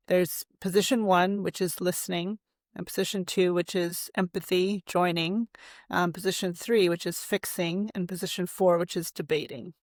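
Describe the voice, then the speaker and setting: A woman therapist guest explains, dotting her talk with "right?" and little fillers. Her voice has a gritty, creaky texture. The sound is close and dry. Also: on the low side, dry recording. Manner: animated, uses fillers and rhetorical questions. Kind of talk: conversational explaining.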